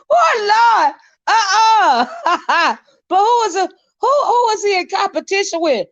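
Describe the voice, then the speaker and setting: Woman streamer with a high voice, chatty and giggly, roasting her chat, muffled dry sound. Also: expressive, slow, a bit bright, no room sound. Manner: laughs often, teases her chat, sidetracked and rambling. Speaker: livestream host. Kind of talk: casual live-stream chat reading viewer comments.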